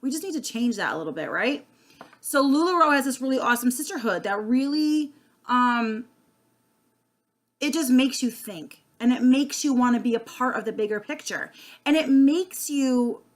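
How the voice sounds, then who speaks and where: A woman's voice: sits high, animated, moderate pace. A woman, talking earnestly and casually straight to camera, with plenty of fillers and restarts. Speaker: sales consultant vlogger. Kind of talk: unscripted casual monologue.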